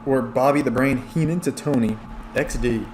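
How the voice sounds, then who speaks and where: A man's voice: mid-range voice, normal speed, a little mellow, roomy sound, slight background noise. A tipsy man streaming and giving rambling play-by-play commentary on a wrestling video game, chatting back to his viewers.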